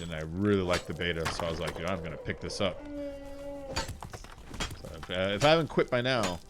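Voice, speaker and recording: A man with a low voice streams from a small room at home, chatting casually and rambling a bit. He laughs a lot and often mimics voices, and there's noise in the background.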